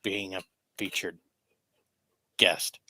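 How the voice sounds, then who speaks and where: Bright-voiced rambling author, casual banter. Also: male voice, sits low, little pitch movement, extremely slow, dry recording. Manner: rambling, self-promoting, joking. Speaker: author and podcast guest. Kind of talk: casual podcast chat.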